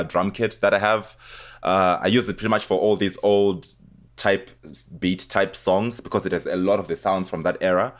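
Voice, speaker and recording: Low-voiced man explaining beat production. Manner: relaxed step-by-step explaining, often trailing off before playing sounds. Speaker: music producer. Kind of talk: screen-recorded music production tutorial. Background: music playing between lines.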